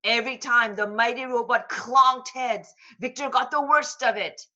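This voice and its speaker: A woman reading a children's book aloud in a slow, expressive voice. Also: fairly high pitch, lo-fi sound. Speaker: storybook reader.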